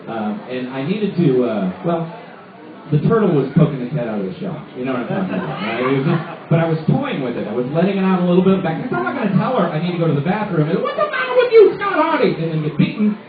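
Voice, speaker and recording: A man telling a stand-up story in an animated way, jumping into loud character voices. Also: on the high side, quick pace, far from the mic, crowd noise. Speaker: stand-up comedian. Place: comedy night in a sports pub. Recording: roomy bar recorded from afar on lo-fi audio. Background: audience laughter.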